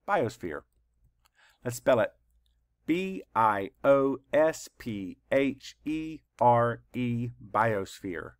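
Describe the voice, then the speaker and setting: A man teaching a spelling lesson to schoolchildren, speaking very slowly and carefully as he calls out words and spells them letter by letter. His medium-pitched voice sits close to the mic in a dry space with no room echo. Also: fairly bright tone. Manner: slow, deliberate letter-by-letter dictation.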